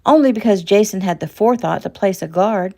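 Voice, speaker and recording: A woman's voice: mid-range voice, brisk, creaky, a little mellow, voice pushed up. A woman voicing an indignant, protective middle-aged mother in a read-aloud novel. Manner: demanding, indignant.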